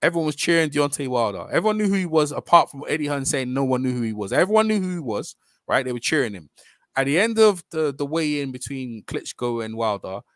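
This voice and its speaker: Animated man arguing boxing. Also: mid-range voice, quick pace, dry recording, clean studio sound. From England. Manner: animated, emphatic, repeats himself. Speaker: host of a live boxing chat. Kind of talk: heated casual debate. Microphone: video call.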